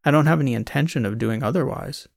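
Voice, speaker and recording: A man's voice: mid-range voice, fast, vocal fry, no echo, studio quality. A man voicing a composed female contractor who answers in short, plain replies. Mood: calm.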